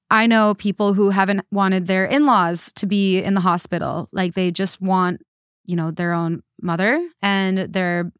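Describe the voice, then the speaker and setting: Woman guest co-host, smooth voice, dry close mic, casual and emphatic. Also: mid-range voice, fairly bright tone, dry recording. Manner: emphatic, repeats herself with fillers. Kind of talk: casual podcast chat.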